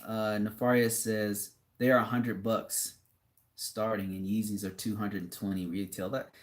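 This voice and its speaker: A man's voice: lowish voice, level tone, measured pace. A young man streaming live, reading viewer comments aloud and chatting casually in a laid-back, rambling way with frequent laughs.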